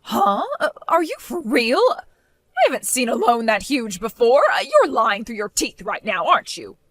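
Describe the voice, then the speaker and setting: A woman's voice: on the high side, big pitch swings, moderate pace, a bit bright, no echo. Woman doing a bossy, scolding mother-in-law. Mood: alarmed. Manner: demanding, scolding. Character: bossy, controlling middle-aged mother-in-law. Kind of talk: animated storytime voice acting.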